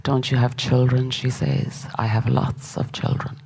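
A woman's voice: very deep voice, steady tone, measured pace, vocal fry, a little mellow, husky, exaggerated voice. A woman reading a play aloud, voicing a brutal, lustful middle-aged warrior king in a blunt, boastful way. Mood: leering.

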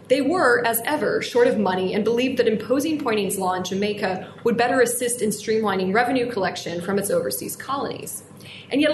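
A woman giving a history lecture in a measured, formal way, reading out quotations from old sources. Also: medium pitch, roomy sound, a little hiss or hum. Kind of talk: reading an academic history talk.

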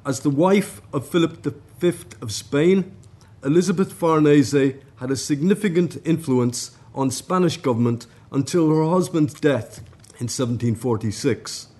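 A man at a conference, reading out a formal academic paper in a measured way. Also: a little high, mellow. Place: conference room.

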